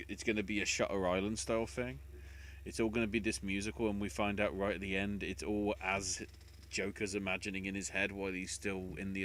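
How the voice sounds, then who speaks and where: A man co-hosting a casual online chat, tossing in animated asides. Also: on the low side, slight background noise. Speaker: podcast co-host.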